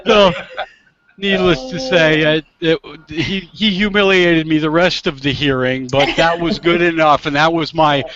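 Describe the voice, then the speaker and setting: A man, a divorce attorney and guest, telling a funny story casually and acting out the quotes loudly. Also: a little high, measured pace, lo-fi sound, crowd noise. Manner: animated, acts out quotes loudly.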